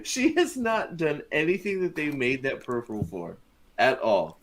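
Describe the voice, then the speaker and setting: A man's voice: a little high, wildly swooping pitch, moderate pace, fairly bright tone, slight background noise. Guy ranting and swearing at a tv show, casual chat, faint clicks in the background. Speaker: host. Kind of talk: casual watch-party chat.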